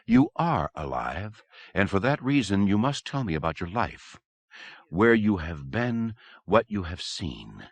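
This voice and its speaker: A man reading the part of a woman psychiatrist, calm and commanding as she questions a hypnotized patient. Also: sits low, measured pace, vocal fry, no room sound, exaggerated voice. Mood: in control. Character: cool, authoritative woman psychiatrist.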